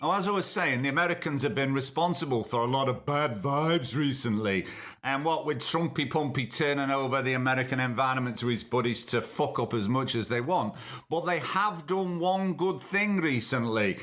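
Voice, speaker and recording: A man's voice: mid-range voice, a bit bright. A man hosting a podcast, delivering a sarcastic, mocking comedic rant. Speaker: podcast host. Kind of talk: comedic ranting monologue.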